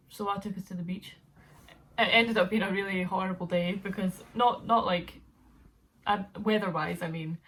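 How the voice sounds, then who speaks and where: Chatty young woman vlogger. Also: fairly low pitch. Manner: chatty, rambling, laughs often. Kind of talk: casual storytelling to camera.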